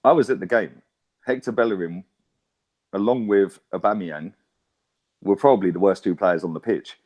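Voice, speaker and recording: A man's voice: low voice, normal speed, highs cut off. Blunt young man. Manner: blunt, emphatic, swearing. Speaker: football fan show guest host. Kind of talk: casual chat.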